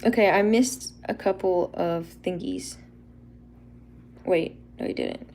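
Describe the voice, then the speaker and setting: Young woman, gravelly fry, shy and bubbly livestream host, faint room hiss behind. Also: on the low side, big pitch swings, slow, a little mellow. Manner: bubbly and a little shy, laughs often. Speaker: livestream host showing custom toy figures. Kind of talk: casual livestream chat.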